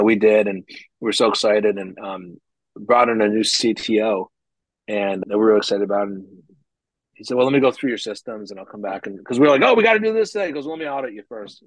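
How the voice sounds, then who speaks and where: A man telling stories from his business career in a casual podcast chat, acting out what people said with animated energy and frequent laughs. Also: lowish voice, slightly rough, dry recording, poor audio. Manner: animated, acts out quoted dialogue, frequent laughs.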